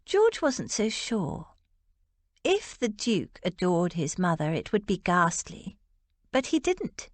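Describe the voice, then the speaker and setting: A woman narrating an audiobook in an expressive, measured way. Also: fairly low pitch, dry recording.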